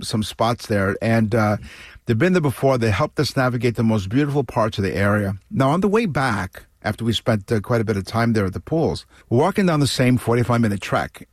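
A man's voice: medium pitch, dry recording, studio quality. Chatty Canadian radio co-host man. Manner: chatty storyteller, animated with frequent restarts. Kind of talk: casual radio talk.

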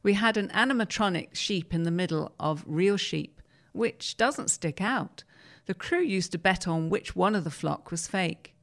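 A woman's voice: fairly low pitch, animated, a little slow, gravelly. Woman host reading an article aloud.

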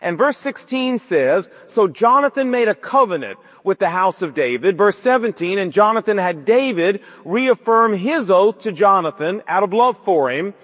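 High-voiced preacher in a reverberant hall. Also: male voice, moderate pace, highs cut off. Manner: animated storytelling, acts out quoted speech. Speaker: pastor. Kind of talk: sermon.

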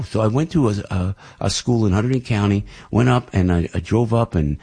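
Older male radio host, New Jersey accent, husky and a bit low, animated storyteller. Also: fairly quick. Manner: rambling storytelling, animated, many restarts. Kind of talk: morning radio monologue.

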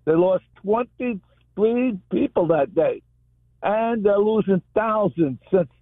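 Male radio caller, agitated and emphatic, high-pitched, heard through a tinny phone line. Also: animated, no echo. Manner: agitated, emphatic, halting with fillers. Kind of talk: call-in radio talk.

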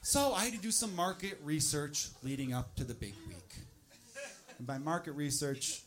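High-voiced male stand-up comic. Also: normal speed. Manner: loud animated punchlines, acted-out asides. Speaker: stand-up comedian. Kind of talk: stand-up comedy set. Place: comedy club stage.

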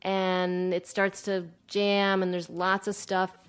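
Woman, 30s, lively storyteller, breathless, plays out her quotes, medium voice. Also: medium pitch, takes it slowly, clean tone. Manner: animated, breathless, acts out quoted lines. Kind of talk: personal storytelling.

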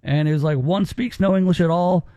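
A man's voice: sits high, brisk, mellow, dry recording, studio quality. A man hosting a radio talk show, chatting casually and giving his opinions in a conversational way.

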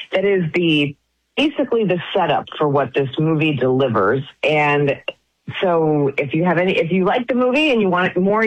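A woman speaks in a chatty, expressive way as an interview guest. Her voice comes through a muffled, lo-fi phone line with no room sound around it. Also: on the low side, dry recording. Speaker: actress guest. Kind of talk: casual interview chat.

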